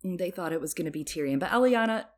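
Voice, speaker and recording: Young woman co-host, lower voice, casual chat, animated and prone to laughter, big swings in volume. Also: very fast. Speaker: podcast co-host.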